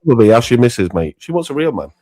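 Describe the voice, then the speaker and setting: A man's voice: medium pitch, sing-song, quick pace, mellow. A man, a caller trading aggressive, profane insults in a heated online argument. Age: 40s.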